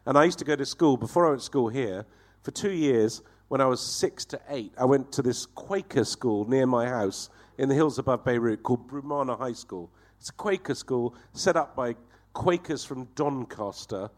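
A man telling a profane, animated comic anecdote as a guest on a talk show, acting out the voices in his story. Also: mid-range voice, normal speed.

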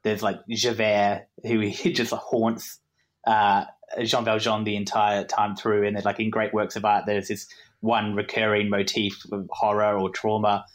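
A man's voice: fairly low pitch, completely flat delivery, unhurried. A young Australian man, a podcast guest telling a rambling, self-deprecating story with frequent laughs and asides. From Queensland, Australia. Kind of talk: casual conversational storytelling.

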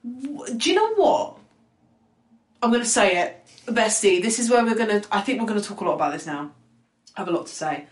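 A young woman co-hosting a podcast in a casual, animated chat, full of "like" and quick asides. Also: mid-range voice. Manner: animated, excitable, lots of "like". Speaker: podcast co-host. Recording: echoey room.

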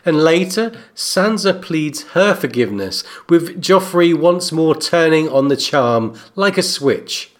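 A man co-hosting a book discussion podcast, narrating and analyzing in a steady way. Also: on the high side, slow, few pauses. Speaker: co-host.

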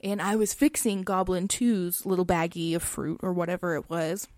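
A woman co-hosting a podcast, telling a personal story in a casual, chatty way, often saying "like" with soft laughs. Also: lowish voice, fairly even intonation, moderate pace, dry recording, clean studio sound.

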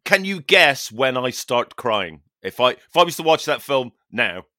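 A man hosts a casual podcast chat, swearing freely and poking fun at himself. His voice is bright and swings up and down a lot. The sound is dry and close. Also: medium pitch, very animated, a little slow, no echo. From Northern Ireland. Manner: sweary, self-mocking. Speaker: podcast host.

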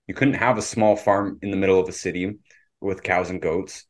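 A man's voice: low voice, fairly even intonation, fairly quick. A man from Canada hosting a casual podcast discussion, opinionated and lecturing in tone. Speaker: podcast host.

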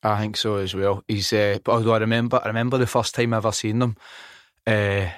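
Fast-talking Scottish host, dry studio sound. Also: male voice, on the low side, flat delivery, dry recording. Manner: quick anecdotal storytelling, swears. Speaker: podcast host. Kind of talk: casual studio chat. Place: podcast studio.

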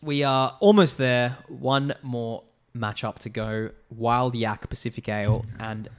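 A man's voice: mid-range voice, fairly even intonation, unhurried, clear, resonant tone. A man casually hosting a beer-tasting podcast, reading reviews aloud with asides. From Australia. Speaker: podcast host. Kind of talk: casual chat.

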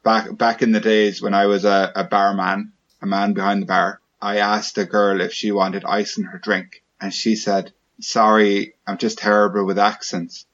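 A man hosts a casual podcast chat, dry and joking as he reads out the questions. His voice sits a little low, and the recording has a slightly dull, lo-fi quality. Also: flat delivery, moderate pace, fairly bright tone. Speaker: podcast host. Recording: dull lo-fi sound.

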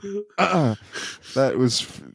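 Young male podcast co-host, medium pitch, dry close-mic sound, playful and teasing delivery. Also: lively intonation, vocal fry, slightly rough, dry recording. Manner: playful, teasing, quick asides. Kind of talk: casual chat.

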